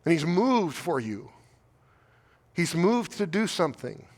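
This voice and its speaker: Earnest American pastor in a reverberant hall. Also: male voice, a little high, big pitch swings, measured pace. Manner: earnest, pleading, repeats words and rhetorical questions. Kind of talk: sermon. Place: church sanctuary.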